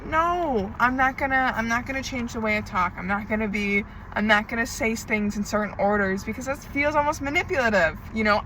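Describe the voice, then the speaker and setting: A woman speaks in a raw, unscripted diary-style monologue, repeating herself for emphasis and swearing freely. Her voice is bright and sharp-edged. Faint background noise sits under the recording. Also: a little high, fairly quick, hardly any pauses, poor audio. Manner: swearing, venting, emphatic repetition. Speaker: tarot reader.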